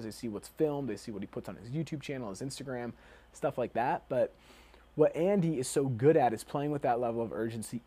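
A young man giving an energetic, casual motivational talk with quick bursts and lots of fillers. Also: mid-range voice, breathy edge.

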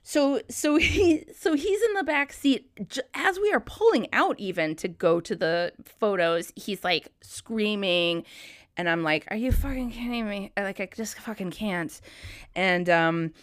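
A woman's voice: mid-range voice, a little slow, no echo, studio quality. A woman in her thirties hosting a podcast, rambling in casual chat, swearing freely and laughing often. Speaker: podcast host.

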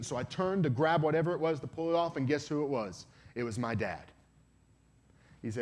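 A man's voice: mid-range voice, fast talker. A man giving an earnest sermon to a youth event, retelling a story with many quoted lines and pleading with listeners. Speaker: evangelist, guest speaker.

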